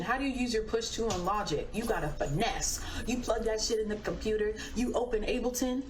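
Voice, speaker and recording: A young woman on a livestream, telling a story in a chatty, animated way and swearing casually. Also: fairly high pitch. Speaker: singer on a livestream. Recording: echoey, distant playback with faint noise.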